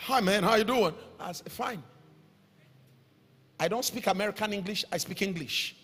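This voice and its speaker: Nigerian male pastor, middle-aged; sharp, husky tone; sing-song delivery that bursts into shouts; hall reverb. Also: extremely high pitch. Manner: emphatic preaching, rising to shouts, sing-song cadence. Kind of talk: sermon.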